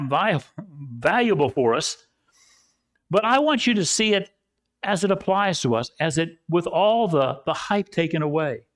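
A pastor delivers a sermon at a church service in a relaxed storytelling style, building his points through repeated phrases. His voice sits on the higher side for a man.

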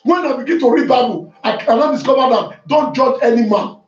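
A Nigerian man preaching a fervent sermon as pastor, shouting at times and repeating hallelujah. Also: very high-pitched, a little fast, faint music behind. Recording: echoey room, distant mic, dull sound.

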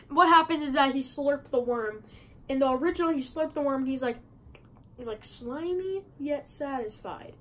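A woman's voice: sits high, normal speed, fairly bright tone, poor audio. A woman chatting casually in a movie review vlog, rambling with many fillers and restarts, filming at a friend's house. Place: a friend's house, not her usual filming spot.

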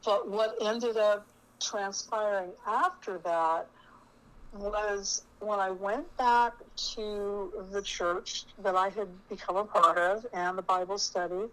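A middle-aged woman telling a personal story in an earnest, halting way, often restarting her sentences. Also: mid-range voice, lively intonation, a bit bright, rough recording. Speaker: spiritual storyteller.

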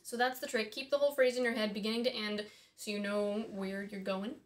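A woman's voice: medium pitch, little pitch movement, fairly quick. A woman teaching singing in a casual, chatty way, thinking aloud and dropping in small asides as she explains. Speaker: voice and harp teacher. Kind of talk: casual instructional talk.

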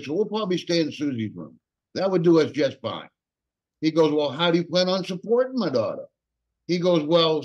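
A man spinning jokes on a casual talk show, with a fairly high voice. He tells them as a relaxed storyteller, and the recording sounds muffled and lo-fi. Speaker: co-host telling jokes. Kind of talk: casual joke telling.

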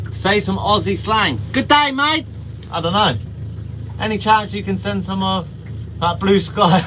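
A man's voice: sits high, sharp tone. Chatty man on a noisy boat. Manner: chatty, reads out viewer comments, friendly slang. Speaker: fishing livestream host. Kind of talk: casual live-stream chat with viewers. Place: outdoors on a small fishing boat. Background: boat engine and water.

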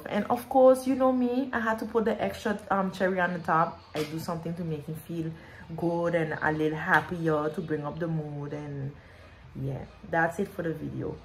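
A woman's voice: deep voice, a little hiss or hum. A woman telling an emotional story in her vlog. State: pregnant. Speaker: vlogger.

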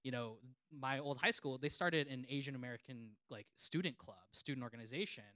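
A man's voice: mid-range voice, fairly quick, pushed and bright, no room sound. A man who works as a reporter, speaking on a panel in an earnest, rambling way that is full of fillers. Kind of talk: panel discussion.

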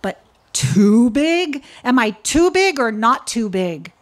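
A woman playing a huge slow-talking hippo. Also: a little high, big pitch swings, pitched above the performer's own voice. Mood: demanding. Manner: slow, drawn-out, emphatic.

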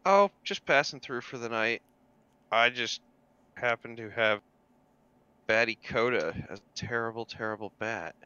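A man voicing a weary travelling bat-keeper in an easygoing, drawn-out way, over a dull, dry mic. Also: mid-range voice, pushed and bright, clean tone, no echo. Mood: casual.

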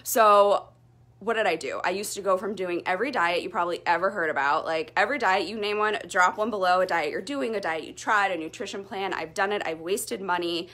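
A woman's voice: medium pitch, quick pace, hardly any pauses. A young woman vlogging casually at home after a workout, still short of breath, chatty and candid. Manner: chatty, candid, lively storytelling. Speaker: fitness vlogger. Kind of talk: casual talk to camera.

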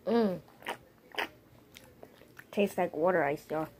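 A woman talks to her viewers on a handheld phone at home, calling them y'all in a loose, chatty way. She takes her time between words, and loud background noise runs under the recording. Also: fairly low pitch, slow pace. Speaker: vlogger. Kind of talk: casual chat to camera.

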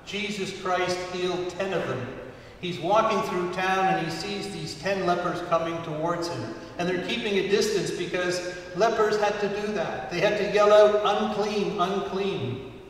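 A man preaching a sermon as a priest to his congregation, earnest and unhurried, with emphatic rises on key words. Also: high-pitched, a little hiss or hum. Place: church sanctuary. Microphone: distant room mic. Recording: far-off voice in echoey church hall.

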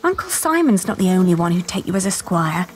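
A woman's voice: fairly low pitch, big pitch swings, a little fast, a little hiss or hum. An actress playing a resourceful young noblewoman who talks in an earnest, persuasive and reassuring way in a video game. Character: young noblewoman, resourceful and determined older sister.

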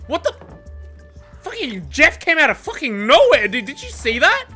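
Woman, gameplay commentary, excitable, self-mocking, bright sharp tone. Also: high voice, moderate pace, faint music behind. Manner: excitable, swears, laughs often, self-mocking. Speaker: gaming content creator.

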